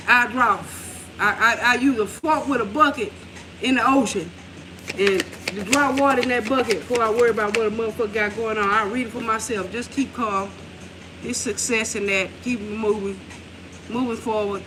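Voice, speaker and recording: A woman giving a casual tarot reading at home, talking in a loose, rambling way with plenty of swearing and laughter. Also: on the high side. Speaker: tarot reader. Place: room at home. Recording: noisy home recording.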